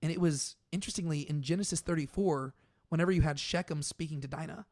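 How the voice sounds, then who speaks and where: A young man co-hosting a casual Bible study talk, conversational and animated, with lots of filler "like"s. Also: on the high side, quick pace. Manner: conversational, uses many "like"s, animated when paraphrasing. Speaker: podcast co-host.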